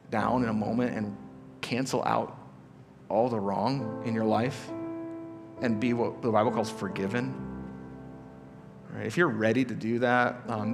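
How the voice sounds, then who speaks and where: Speaking on the low side, a male pastor gives his church a conversational sermon packed with rhetorical questions, casual asides and repeated starts, all in a casual, questioning manner. The church auditorium setting adds live hall reverb, with soft music underneath.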